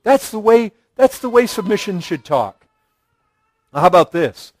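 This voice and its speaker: A pastor giving an earnest sermon, building emphasis through repeated phrases. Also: male voice, sits high, big pitch swings, normal speed.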